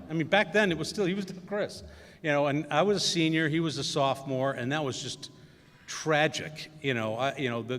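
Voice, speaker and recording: A middle-aged commencement speaker from Wisconsin tells anecdotes in a slightly high, somewhat bright voice, with long reverb from a large hall. His storytelling is loose, packed with fillers and acted-out quotes.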